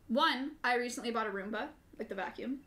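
A woman's voice: a little high, brisk, sharp tone. A young woman co-hosting a podcast, telling rambling, self-mocking stories in casual chat. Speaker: podcast co-host.

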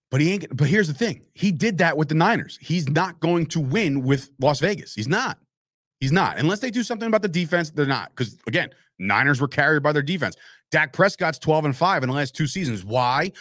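A man's voice: medium pitch, a bit bright, dry recording, clean studio sound. A man hosting a live sports talk show, rambling through opinions, swearing freely and answering viewers in the live chat. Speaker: podcast host.

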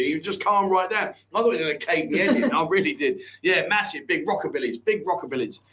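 A man's voice: on the high side, quick pace, few pauses, a bit bright, dull audio. A man hosting a casual live chat show, telling stories with cheeky banter and laughter. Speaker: host.

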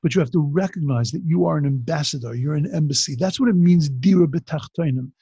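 A man's voice: fairly high pitch, a little fast, warm tone, breathy edge, dry recording. A man giving a religious teaching talk, telling stories in a loose, conversational way with frequent restarts. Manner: conversational storytelling with many restarts. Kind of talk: Torah class talk. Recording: dull lo-fi recording.

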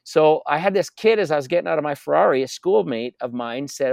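A man's voice: a little high, expressive, a little fast, creaky, a little mellow, no room sound. A man being interviewed as a wealth coach, telling stories with emphasis and repeating his key phrases. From North America. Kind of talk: energetic interview talk.

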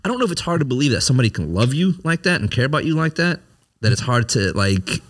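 A man's voice: medium pitch, very animated, fast talker, fairly bright tone. A man in his late thirties talking candidly about feelings, searching for words with frequent restarts and fillers. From immigrant family, came to America as a child. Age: 30s. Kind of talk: candid conversation.

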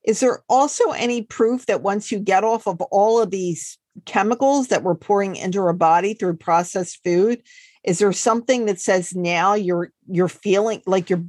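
A woman's voice: medium pitch, moderate pace, darkish tone, dry recording, studio quality. A woman hosting an interview, engaged and asking follow-up questions. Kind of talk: interview host.

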